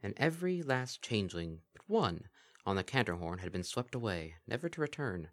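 Expressive male storybook narrator. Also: on the low side, normal speed. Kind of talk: storybook reading, voicing all characters.

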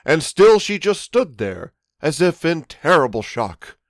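A man's voice: on the high side, very animated, measured pace, dry recording, clean studio sound. A man narrating a comic adult storybook in a mock-innocent fairy-tale manner.

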